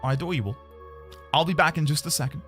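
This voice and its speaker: A fast-talking streamer with a mid-range, fairly bright voice plays a story game live with game music behind. The commentary is casual, chatting to viewers and bursting into laughter and wails.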